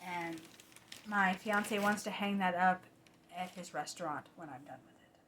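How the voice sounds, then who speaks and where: Late at night at home, a tired-sounding woman with a lowish voice chats easily about her cross-stitch projects at a measured pace. She keeps catching and correcting herself and sometimes slips into soft asides, with slight background noise audible.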